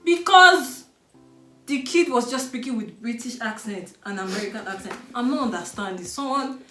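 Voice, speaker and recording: A woman from Nigeria with a Nigerian accent, chatting casually in a blunt, animated way and swearing freely. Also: medium pitch, fairly quick, faint music behind. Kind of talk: casual chat. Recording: echoey room.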